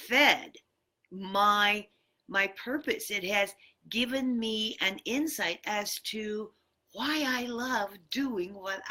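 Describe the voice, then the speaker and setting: A woman's voice: medium pitch, bright, forceful tone. A woman giving a motivational talk about the power of words, speaking emphatically and shifting her tone for effect.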